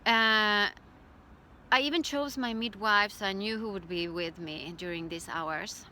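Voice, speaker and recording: A middle-aged woman recounts her own experience in a calm, reflective storytelling voice. Her tone is bright and forward, at an ordinary pitch. Faint background noise sits under the recording. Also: unhurried. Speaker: birth educator. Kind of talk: personal storytelling.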